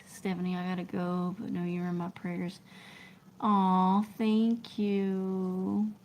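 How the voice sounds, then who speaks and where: A woman's voice: lowish voice, little pitch movement, slow pace, darkish tone, slight background noise. A middle-aged woman, chatting scattered and laughing as she reads viewer comments on a livestream. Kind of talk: casual live chat.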